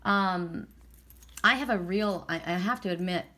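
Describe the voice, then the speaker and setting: Woman, fairly low voice, casual tarot reader, chatty and emotional. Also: a little slow, pushed and bright, a little hiss or hum. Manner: emotional, tearful at times, chatty and repetitive. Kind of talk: casual spiritual card reading.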